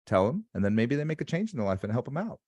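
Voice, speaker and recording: Animated, lively male sales coach. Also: mid-range voice, racing, no room sound. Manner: animated, emphatic, motivational. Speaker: sales coach and podcast host. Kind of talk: casual interview chat.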